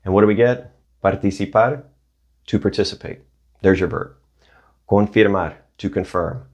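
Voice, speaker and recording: Man, language teacher, video lesson, upbeat, asks the viewer questions, slightly low voice. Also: a little fast, a little mellow. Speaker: Spanish teacher.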